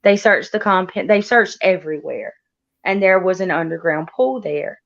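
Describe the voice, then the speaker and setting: A woman joining a livestream as guest co-host, talking in an excitable, rambling way with many restarts. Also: lowish voice, moderate pace, creaky, highs cut off. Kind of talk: casual livestream chat.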